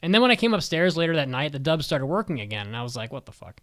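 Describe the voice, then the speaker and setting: A man's voice: fairly high pitch, sing-song, racing, fairly bright tone, no room sound, studio quality. A man co-hosting an anime podcast in casual chat, ranting with frequent swearing. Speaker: podcast co-host.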